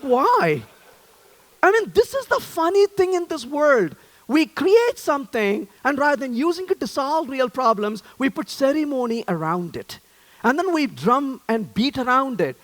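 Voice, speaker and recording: A man's voice: very high-pitched, a bit bright. A man giving a conference talk on stage, joking and asking the audience questions. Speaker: conference speaker.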